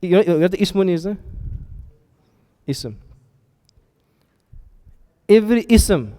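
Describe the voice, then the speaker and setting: A man's voice: high-pitched, animated, measured pace, mellow. A man teaching a classroom lesson, often stopping to ask his students questions and check they are following. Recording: reverberant hall sound.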